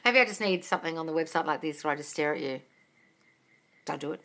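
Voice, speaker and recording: A woman's voice: low-pitched, quick pace, bright, forceful tone. A woman hosting a casual live-stream Q&A on manifesting, talking bluntly and animatedly and swearing freely.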